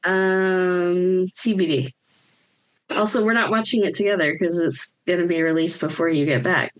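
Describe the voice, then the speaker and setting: Brisk woman host signing off. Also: lowish voice, low-quality recording. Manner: brisk, friendly sign-off reading. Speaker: podcast host. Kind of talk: casual podcast outro.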